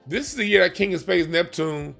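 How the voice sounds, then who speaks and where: Faint music sits behind a man doing a yearly playing-card forecast, his voice high, gravelly and fairly bright with lively intonation. He talks briskly and casually in an emphatic, slangy manner, often repeating himself and restarting phrases.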